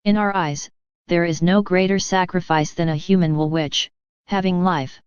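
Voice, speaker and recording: A woman reading a devotional text aloud in an even, measured way. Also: lowish voice, clean tone, dry recording. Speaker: reader. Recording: dry, slightly dull lo-fi.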